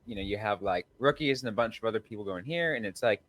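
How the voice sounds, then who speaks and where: A man's voice: lowish voice, expressive, fast talker, fairly bright tone, no echo. A man hosting a sports podcast in a loose, casual way, with lots of fillers and sentences that trail off. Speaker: podcast host.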